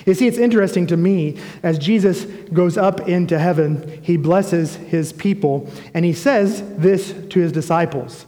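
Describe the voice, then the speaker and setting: A male pastor delivers an emphatic sermon in a high, light voice. He builds his points through repetition and rhetorical questions aimed at the congregation. A long reverb trails each phrase as it carries through a large church sanctuary. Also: moderate pace, hardly any pauses, dark tone.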